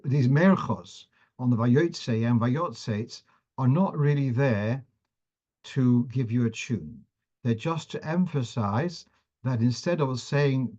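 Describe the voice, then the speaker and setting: A man's voice: medium pitch, mellow, highs cut off. A man teaching a class on the cantillation of Torah readings, who often restarts phrases as he explains and sometimes chants verses.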